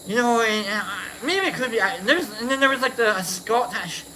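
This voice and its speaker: A woman's voice: fairly high pitch, expressive, a little fast, sharp tone, a little hiss or hum. A woman hosting a casual solo stream, rambling and playful, often repeating herself. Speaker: host.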